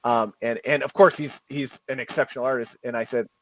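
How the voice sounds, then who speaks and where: A comic book writer as a podcast guest, talking in a friendly, storytelling way. His pitch sits in the middle, and he often stumbles and restarts before he gets his point out. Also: steady tone, a little fast. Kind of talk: casual interview.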